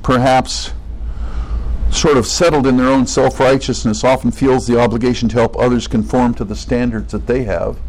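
An earnest male preacher speaks to his congregation in a conversational tone. His voice sits in a middling male pitch, and he reads scripture aloud before explaining it in plain terms. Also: fairly even intonation, normal speed, a little mellow, rough recording. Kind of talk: sermon.

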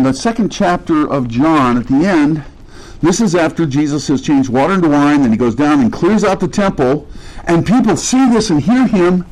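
A man's voice: on the high side, a little mellow, low-quality recording. A man preaching a sermon, talking casually and acting out the voices of people in the scripture he reads. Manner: conversational preaching, acts out quoted voices. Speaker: pastor.

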